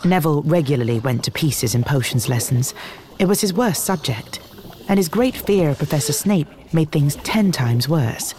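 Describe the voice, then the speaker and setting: A woman narrating a children's novel in a measured, expressive reading. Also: low-pitched, slight background noise. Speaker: audiobook narrator. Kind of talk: storybook narration.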